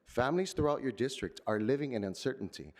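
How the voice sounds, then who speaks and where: A man giving formal public comment at a city council meeting, earnest and measured like a prepared speech. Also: mid-range voice, animated, a little mellow.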